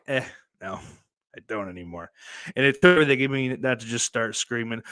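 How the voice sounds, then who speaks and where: A young man hosting a podcast, telling a story in a rambling, casual way, swearing often, with lots of fillers and sudden loud bursts. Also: medium pitch, moderate pace, dry recording. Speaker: podcast host.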